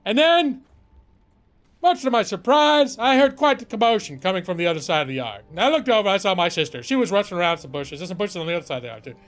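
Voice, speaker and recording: A man putting on the voice of an overexcited viewer who rambles through a story in a frantic, shouty way with dramatic pauses. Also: high-pitched, expressive, voice pushed up. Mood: breathless, excited.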